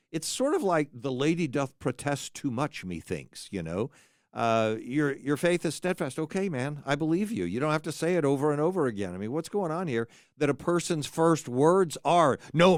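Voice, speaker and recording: A man's voice: medium pitch, no echo, studio quality. A man hosting a podcast, teaching a psalm in a casual, wry way and reading verses aloud with emphasis. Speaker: podcast host teaching scripture.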